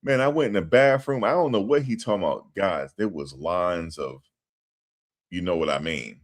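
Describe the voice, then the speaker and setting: A man with a very low voice giving casual commentary on a livestream. His speech is animated and full of slang, and he often repeats lines for emphasis. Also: normal speed.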